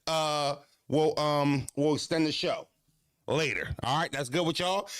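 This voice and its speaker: A somewhat high-pitched male stream host talks to his chat in a loose, storytelling way, cursing freely and jumping between excited highs and low, mocking lows. The sound is dry and close, with almost no room around his voice. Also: measured pace, no room sound. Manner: animated, profane, big swings between high excited and low mocking tones. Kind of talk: casual storytelling to a live chat.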